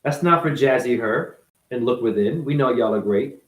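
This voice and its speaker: A man's voice: medium pitch, moderate pace, reverberant, low-quality recording. A man, a former ballet dancer, delivering an unscripted, blunt and profane monologue in his apartment.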